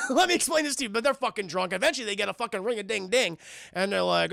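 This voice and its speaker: A young man recaps a film for his live-stream chat, swearing often and wandering off into asides. His voice sits high and gravelly, with a bright, forceful edge. He sounds close to a dry desk mic. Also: lively intonation, fast talker, no room sound. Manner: profane, rambling, constantly addressing chat.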